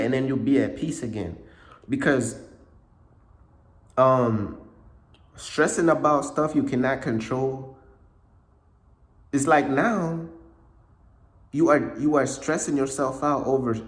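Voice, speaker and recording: A man giving a casual motivational talk, repeating himself often, with a slightly cracking voice and frequent throat clearing. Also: medium pitch, echoey room. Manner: repetitive, conversational, frequent "bruh" and "you know what I'm saying". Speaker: motivational speaker.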